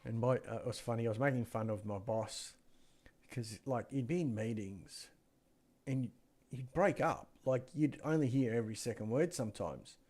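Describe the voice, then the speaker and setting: A man's voice: mid-range voice, moderate pace, darkish tone. A man co-hosting a PC deals show, chatting loosely through anecdotes and muttering to himself as he browses. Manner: chatty, loose, trails off mid-sentence, mutters while browsing. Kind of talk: casual rambling chat with anecdotes. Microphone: gaming headset mic.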